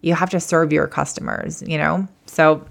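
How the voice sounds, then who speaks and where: A woman's voice: sits low, steady tone, normal speed, creaky. A woman who runs an online shop, telling a story in a rambling, chatty way and often correcting herself mid-sentence. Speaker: e-commerce business owner, podcast host. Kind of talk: casual storytelling monologue.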